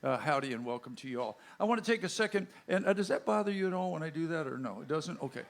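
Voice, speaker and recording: A man's voice: fairly high pitch, animated, fast, vocal fry. A man hosting as bandleader, introducing the band on stage with folksy, joking banter to the audience at a live music show. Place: live music venue with a crowd. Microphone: stage microphone.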